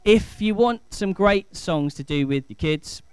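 A man's voice: high voice, expressive, unhurried, a little mellow, clean tone, no room sound. A man in his thirties, a pastor giving a chatty, enthusiastic family talk in church. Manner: chatty, enthusiastic, rising to emphatic.

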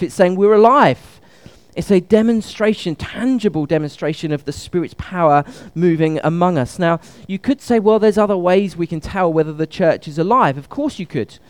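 A man's voice: fairly high pitch, a little mellow, clear, resonant tone. A man preaching a conversational sermon at a church service, asking the congregation questions.

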